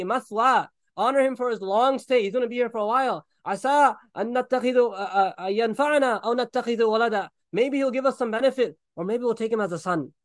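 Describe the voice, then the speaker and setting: A man preaching a sermon, retelling a story with animated acted-out voices and frequent laughs. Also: very high-pitched, no room sound.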